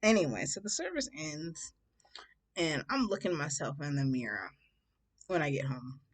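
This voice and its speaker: Brief: young woman, lowish voice, dramatic storyteller, laughs as she goes. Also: normal speed. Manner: animated, dramatic, laughs through the telling. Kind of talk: casual storytime vlog.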